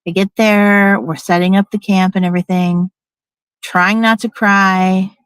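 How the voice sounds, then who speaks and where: A woman's voice: mid-range voice, little pitch movement, a little slow, clear, resonant tone, no echo. A middle-aged woman telling a personal story in a candid, emphatic, casual way, now and then swearing and acting out what people said.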